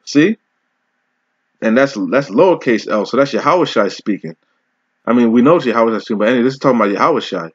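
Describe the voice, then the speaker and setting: Profane scolding preacher, muffled dry audio. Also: male voice, mid-range voice, expressive, slightly rough, no echo. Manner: harsh, profane, scolding, slows to read verses. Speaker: street preacher. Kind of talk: confrontational sermon with scripture reading.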